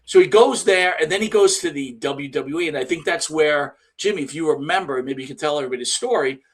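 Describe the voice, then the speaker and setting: A man's voice: on the high side, quick pace, slightly rough. A man co-hosting a wrestling podcast, talking in a loose, profane, rambling way as he retells scenes. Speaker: podcast co-host. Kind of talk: casual chat.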